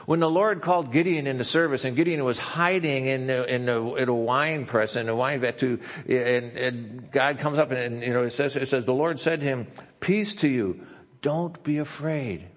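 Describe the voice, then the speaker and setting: A pastor preaching a sermon, slowing down and softening as he reads scripture quotes. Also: mid-range voice, fairly even intonation. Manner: reads scripture quotes slowly and softly, asks if he talks too fast.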